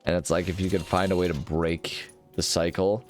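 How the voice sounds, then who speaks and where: A man's voice: deep voice, level tone, moderate pace, soft background music. A man hosting a casual let's-play, rambling and joking at his own expense while sleepy and yawning. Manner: rambling, jokey and self-mocking. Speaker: gaming video host.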